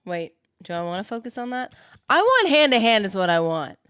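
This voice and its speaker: A woman's voice: fairly high pitch, very animated, a little fast, a bit bright, clean tone, no echo, clean studio sound. A woman streaming a game live, chatting casually and thinking aloud as she answers her viewers. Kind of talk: casual live-stream chat while gaming.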